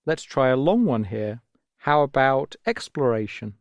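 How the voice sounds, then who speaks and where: A man with an English accent patiently guiding children through a recorded language lesson, explaining step by step in a gentle way. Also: medium pitch, very animated, a little slow, no room sound, highs cut off. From England. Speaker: language teacher. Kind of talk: scripted audio lesson for children.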